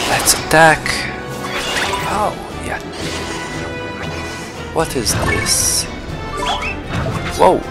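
Slow, hesitant male game commentator. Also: mid-range voice, creaky. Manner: hesitant, many fillers, thinking aloud. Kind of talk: casual gameplay commentary.

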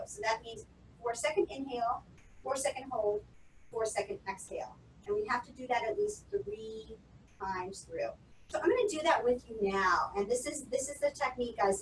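A woman coaching public speaking in a webinar, calmly instructing and counting out breathing exercises. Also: fairly high pitch. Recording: roomy echo, distant from the mic, faint noise.

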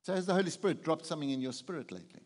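A man's voice: on the high side, expressive, very fast, big-room sound. A man preaching a conversational sermon as pastor, often putting questions to the congregation. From South Africa.

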